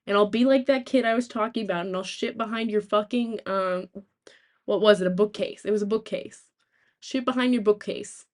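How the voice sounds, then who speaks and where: A woman's voice: medium pitch, brisk. Rambling young woman streamer. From United States. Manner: rambling, animated storytelling with swearing. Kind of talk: casual chat.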